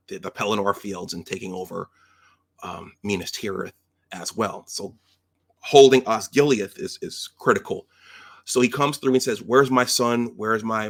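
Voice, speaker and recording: Low gravelly man recapping a film. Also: fairly bright tone. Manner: conversational, with frequent restarts and rhetorical checks. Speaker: film commentator. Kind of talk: casual retelling of film scenes.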